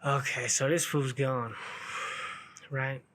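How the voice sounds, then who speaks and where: A man's voice: medium pitch, little pitch movement, slow, a bit bright. A man telling a story from his own past in casual, slangy street talk, swearing freely and laughing along.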